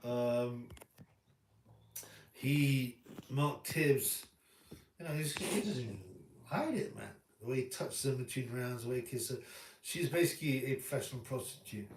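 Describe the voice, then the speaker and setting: A man's voice: medium pitch, measured pace, a little hiss or hum. Rambling man on a livestream. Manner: blunt, rambling, repeats himself. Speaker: boxing livestream host. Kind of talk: casual live-stream rant. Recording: roomy room, distant mic.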